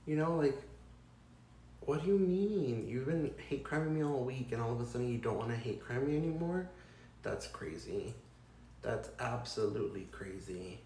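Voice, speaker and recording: A man's voice: mid-range voice, animated, moderate pace, warm tone, slight background noise. A young man telling a storytime rant, exasperated and profane, rambling with lots of fillers. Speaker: vlogger. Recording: echoey room.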